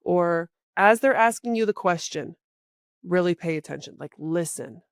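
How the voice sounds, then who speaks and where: Animated, chatty woman career coach. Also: moderate pace, no echo, studio quality. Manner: animated, with big jumps in pitch and loudness; chatty, with frequent "like" fillers. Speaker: career coach and podcast host. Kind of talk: casual advice talk.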